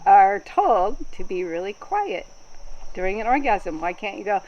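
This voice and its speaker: A woman facilitating a group workshop, explaining in a calm, explanatory way with frequent ums. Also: medium pitch, unhurried, dull audio.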